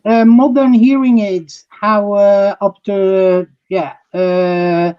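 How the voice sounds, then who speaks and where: Slow-talking Norwegian man on muffled audio. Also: high voice, flat delivery, clear, resonant tone. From Norway. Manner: halting and thoughtful. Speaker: podcast guest, audiology innovator. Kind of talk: casual interview answers. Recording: dull, muffled remote audio.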